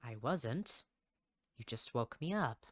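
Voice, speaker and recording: A man voicing a cold, curt male pigeon teacher from a game, reading the dialogue in a low, clipped, dismissive way. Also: lively intonation, slow pace, dry recording, studio quality.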